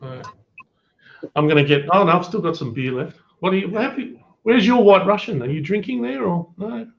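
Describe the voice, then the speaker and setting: Guest, male, slightly raised pitch, muffled lo-fi call line, relaxed teasing delivery. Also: moderate pace, vocal fry. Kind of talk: casual video call chat. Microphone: video call. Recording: dull lo-fi call audio.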